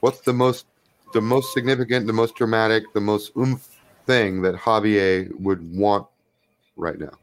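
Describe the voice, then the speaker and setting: A man's voice: lowish voice, unhurried, no echo. A man running a tabletop game as game master, explaining rules and narrating scenes.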